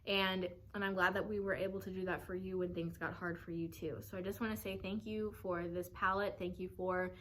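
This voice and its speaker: A woman's voice: lowish voice, flat delivery, a little fast, hardly any pauses, a little hiss or hum. A young woman giving a heartfelt, emotional tribute to camera, swearing casually as she gushes. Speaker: fan sending a tribute message.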